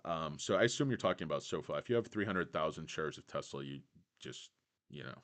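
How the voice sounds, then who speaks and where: A man's voice: rumbling low, expressive, fairly quick, a bit bright. A man hosting a casual livestream, rambling and swearing freely, and saying he is tired. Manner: rambling, profane, digressive. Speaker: livestream host.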